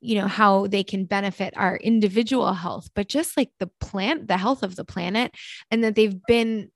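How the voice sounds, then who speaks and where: A woman in her thirties hosts a relaxed interview. She is chatty and laughs easily, often breaking off mid-thought. The sound is dry and close to the mic. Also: medium pitch, normal speed, dry recording. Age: 30s. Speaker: podcast host. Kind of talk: casual interview chat.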